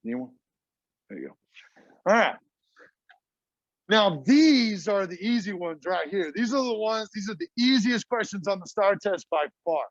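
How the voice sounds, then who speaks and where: A man's voice: high voice, very animated, a little slow, pauses often, no room sound. Man, middle-aged, casual classroom teaching, dry lo-fi sound. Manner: chatty, casual and talkative, addresses the class as y'all. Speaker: math teacher.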